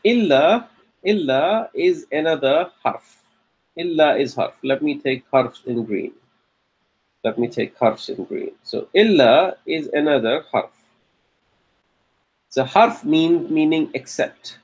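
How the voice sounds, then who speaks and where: Husky male grammar teacher, patient. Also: a little high, animated, a little mellow. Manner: patient, checks in with frequent "okay?" and "correct"; slows down and stresses key terms. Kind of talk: classroom lecture.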